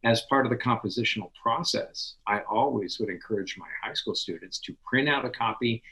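A man who is a podcast guest and literature scholar, telling stories in an animated, knowledgeable way. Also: medium pitch, a little fast, poor audio. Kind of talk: conversational interview.

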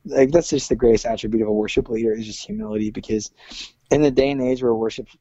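Earnest man with a gravelly voice. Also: medium pitch, fairly even intonation, fast, dark tone, no room sound, muffled recording. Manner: earnest, many fillers and restarts. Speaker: worship leader. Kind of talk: casual interview talk.

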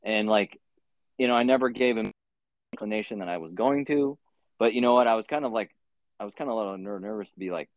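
Low-voiced man rambling a story. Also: quick pace, no room sound. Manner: rambling, profane, many fillers. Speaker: podcast host. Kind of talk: casual storytelling chat. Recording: dull lo-fi sound.

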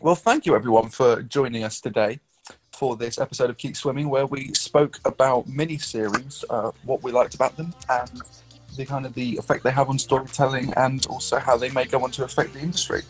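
A man hosting a podcast, signing off the episode in a measured, friendly way. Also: mid-range voice, fairly even intonation, faint music behind. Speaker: podcast host. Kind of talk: podcast sign-off.

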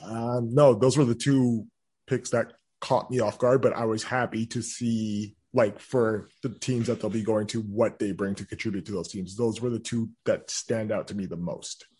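A man co-hosting a casual sports chat, speaking in a measured way with many filler ums. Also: on the low side, steady tone, a little mellow, slightly rough. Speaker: podcast co-host.

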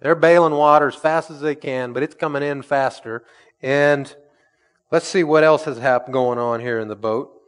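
A man preaching a sermon in an animated way, acting out the quoted voices with sudden loud, high jumps. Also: moderate pace, smooth, big-room sound. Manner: animated, acts out quoted voices with big jumps in pitch and volume.

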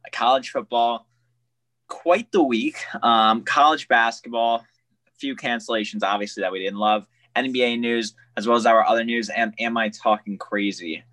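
A man's voice: mid-range voice, normal speed, a bit bright. A young man co-hosting a casual sports podcast, easygoing and chatty, often calling his friend "man". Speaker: podcast co-host.

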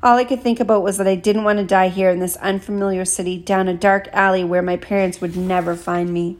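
A woman reading an audiobook chapter in a steady, measured first-person narration. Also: medium pitch. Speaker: audiobook reader.

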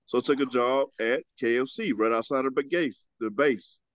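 A man's voice: mid-range voice, moderate pace, dry recording. Male podcast co-host, laid-back storyteller, dull and dry mic sound. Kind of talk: casual storytelling chat.

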